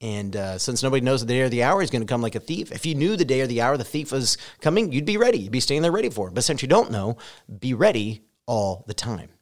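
A man's voice: mid-range voice, expressive, fast talker. Male pastor, sermon delivery, earnest and direct, emphatic in scripture reading. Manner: earnest preaching, rising loud and emphatic when reading scripture; direct address to listeners.

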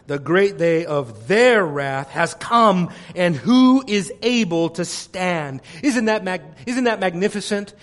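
A man preaching a sermon with passion, swinging between loud declarations and hushed, almost whispered lines. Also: high voice, animated, slow pace. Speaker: pastor.

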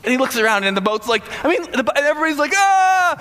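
A man's voice: very high-pitched, expressive, very fast, bright, forceful tone. A man preaching a sermon in a casual, joking storytelling way, acting out the voices of the people in his story. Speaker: pastor. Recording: long hall reverb.

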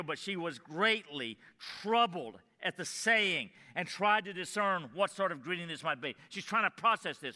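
A man preaching a sermon in a church, earnestly explaining scripture, often repeating phrases and dropping to a hushed tone. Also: a little high, long reverb tail. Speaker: pastor.

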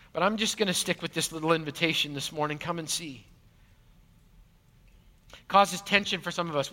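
A male pastor preaching an Easter sermon, animated, swinging from loud emphasis to hushed lines. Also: sits high. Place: large church auditorium. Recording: long hall reverb.

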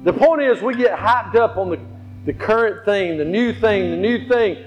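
Male pastor, high voice, emphatic, repetitive, faint guitar underneath. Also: fairly quick. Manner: emphatic, repeats phrases for stress. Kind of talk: sermon with storytelling. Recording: slightly dull, faint guitar behind.

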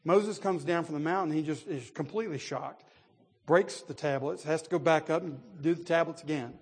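A man preaching a sermon, animated and emphatic, who builds to loud peaks and chuckles between points while talking straight to his listeners. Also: on the high side, moderate pace, husky, big-room sound. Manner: laughs between points, addresses listeners directly.

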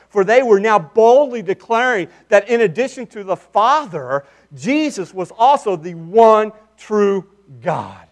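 A man preaching a sermon, swinging between hushed asides and forceful, emphatic declarations. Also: sits high. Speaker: pastor.

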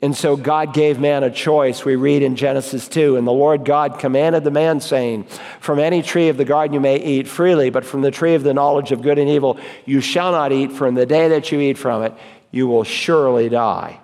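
Pastor guy preaching hard, mid-pitched voice, big church echo. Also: fairly even intonation, a little mellow. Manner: emphatic preaching, scripture quotes read slowly. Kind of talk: sermon. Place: church sanctuary. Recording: long reverb of a church hall.

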